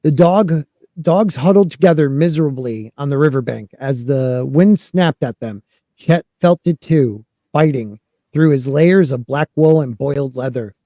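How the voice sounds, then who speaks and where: A man's voice: a little high, a little slow, dark tone, no echo. A man hosting a podcast, reading a fantasy book aloud and joking with his co-hosts. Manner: reads narration then jokes with panel. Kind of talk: casual reading and discussion.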